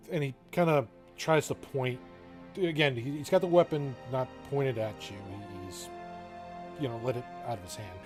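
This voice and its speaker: A man running a tabletop game as game master, narrating with halting phrases and frequent fillers. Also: mid-range voice, lively intonation, darkish tone, faint music behind. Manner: halting, many fillers, laughs often.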